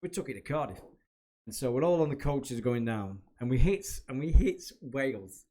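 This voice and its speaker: A man's voice: medium pitch, lively intonation, normal speed, dark tone. Chatty man reminiscing. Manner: rambling, chatty, with many restarts. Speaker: podcast host and former kit man. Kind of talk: casual reminiscing monologue.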